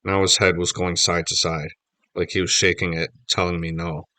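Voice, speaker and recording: A man reading a children's novel aloud, telling the story lively in first person. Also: low-pitched, normal speed, no room sound. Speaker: audiobook reader.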